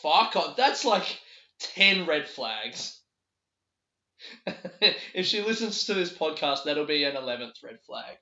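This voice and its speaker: A man hosting a casual solo podcast, telling a rambling, sweary story with quick laughs from a bedroom. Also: on the high side, animated, gravelly, bright, forceful tone. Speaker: podcast host. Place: a bedroom in a borrowed house. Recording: echoey room, dull lo-fi sound.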